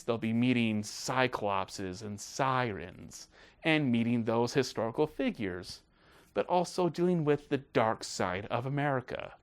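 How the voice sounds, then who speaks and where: A man hosting a casual film review video, talking in a gushing, excited way. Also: mid-range voice.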